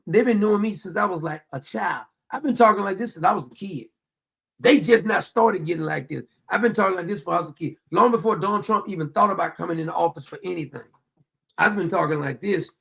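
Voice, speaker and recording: Gravelly-voiced man ranting bluntly. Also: high-pitched, a bit bright. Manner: blunt, profane, heated. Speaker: host of commentary show. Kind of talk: blunt political commentary rant.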